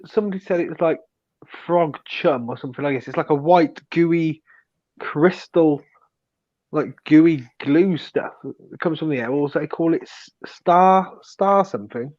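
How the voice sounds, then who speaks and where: A man co-hosting a casual chat, reacting quickly and laughing often. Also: fairly high pitch, animated, darkish tone, dry recording. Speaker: co-host. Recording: dull, muffled sound.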